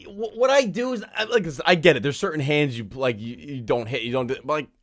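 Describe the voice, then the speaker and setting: A man's voice: on the high side, expressive, fairly quick. A man co-hosting a podcast, reacting with frequent laughter and swearing in casual chat. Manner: profane, laughs often, reacts a lot. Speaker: podcast co-host.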